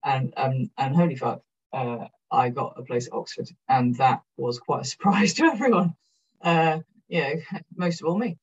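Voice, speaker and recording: Delivering a candid keynote to a conference room, this middle-aged South Walian woman is frank and energetic, swears freely and pokes fun at herself. She has a very deep, breathy, husky voice and speaks at normal speed. She sounds distant, and the audio is dull and muffled.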